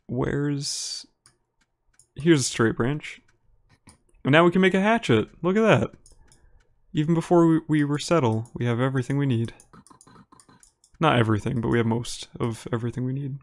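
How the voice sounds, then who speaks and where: A man from Minnesota with an Upper Midwest American accent, a live streamer giving relaxed, chatty gameplay commentary and reading viewers' messages aloud. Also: medium pitch, normal speed, long pauses. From Minnesota, United States. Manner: relaxed and chatty, laughs easily, talks to viewers by name.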